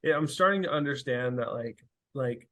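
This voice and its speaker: Brief: young man, mid-pitched, chatty guest who acts out quotes, loose and filler-heavy. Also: normal speed, a bit bright. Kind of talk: casual conversational interview.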